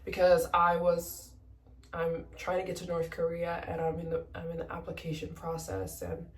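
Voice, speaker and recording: A woman's voice: lowish voice, moderate pace, roomy sound, distant mic. Teary, emotional young American woman. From United States. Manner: emotional, close to tears, retelling conversations in animated voices. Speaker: travel vlogger. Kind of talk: casual storytelling to camera.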